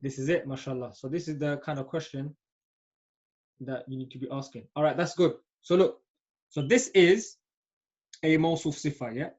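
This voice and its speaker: A man's voice: fairly high pitch, moderate pace, long pauses, darkish tone. A man teaching an Arabic grammar class, patient and often checking understanding. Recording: dull lo-fi audio.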